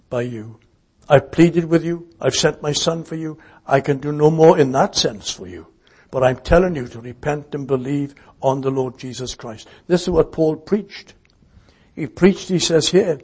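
Casting: male preacher, husky voice, slightly high, earnest sermon delivery with hushed and emphatic turns.

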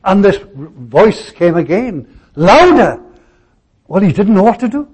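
A male pastor preaching a sermon, telling stories in a halting way with many restarts and fillers. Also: sits high, animated, mellow, slightly rough.

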